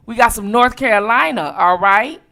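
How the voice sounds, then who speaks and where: A woman from Detroit hosting a late-night livestream, chatting casually with viewers and reacting quickly to each comment. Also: on the high side, gravelly. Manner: animated, reads out viewer locations with quick reactions. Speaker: livestream host.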